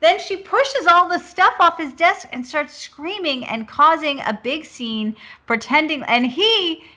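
Woman, bright voice, casual film podcast chat, animated scene retelling. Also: high-pitched, a little slow. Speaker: podcast co-host discussing a film.

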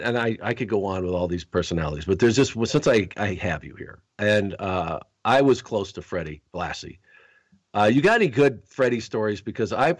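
Low-voiced man hosting a chatty podcast. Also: no room sound. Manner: rambling, many restarts, chatty. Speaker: podcast host. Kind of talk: casual podcast chat.

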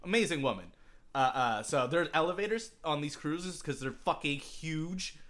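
A man's voice: on the high side, normal speed, fairly bright tone. A young man, a podcast co-host, casually rambling through a story with lots of swearing and restarts. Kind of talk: casual chat.

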